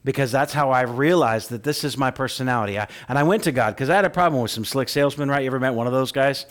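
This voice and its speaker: A man preaching a sermon as pastor, talking with the congregation and swinging between loud emphatic lines and soft hushed ones. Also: mid-range voice, fast. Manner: conversational, asks the congregation "right?".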